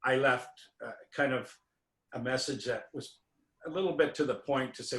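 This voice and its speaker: A man's voice: mid-range voice, normal speed, a bit bright. A man, a winery owner, telling a rambling anecdote as an interview guest, with many fillers and restarts. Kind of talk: anecdotal storytelling in a conversation. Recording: roomy echo.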